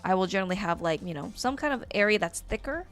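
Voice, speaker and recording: A woman's voice: mid-range voice, animated, fast, soft background music. A woman teaching a live-stream drawing lesson, chatty and rambling with lots of fillers. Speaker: art teacher.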